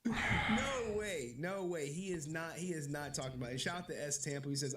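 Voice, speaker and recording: A man's voice: on the high side, a little fast, fairly bright tone, a little hiss or hum. A man chatting casually on a livestream, laid-back, laughing often and swearing. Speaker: streamer.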